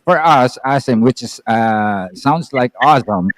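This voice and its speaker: A man's voice: mid-range voice, unhurried, hardly any pauses, no room sound, low-quality recording. A man from the Philippines with a Filipino accent, explaining words in a casual conversation and often repeating himself with many filler words. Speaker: guest explaining Filipino languages.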